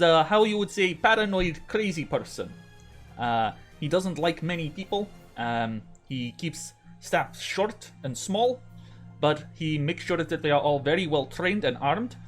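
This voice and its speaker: A man voicing a cybernetic Russian woman, second in command, with a deliberately bad Russian accent, slightly masculine and slurred, dropping her articles. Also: on the high side. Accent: bad put-on Russian.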